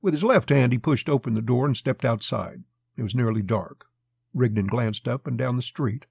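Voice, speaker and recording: A man narrating a western story as an audiobook, in a steady, measured telling. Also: mid-range voice, gravelly, slightly rough, dry recording.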